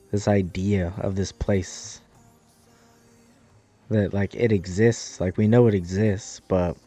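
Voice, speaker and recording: A man's voice: fairly low pitch, warm tone. Profane, rambling American man. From United States. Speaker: streamer. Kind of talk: casual chat while gaming.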